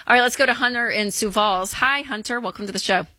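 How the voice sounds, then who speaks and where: A woman's voice: a little high, quick pace, pushed and bright, dry recording. A woman hosting a call-in advice show, greeting callers and summing up advice in a friendly, casual way. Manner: friendly, takes calls and sums up.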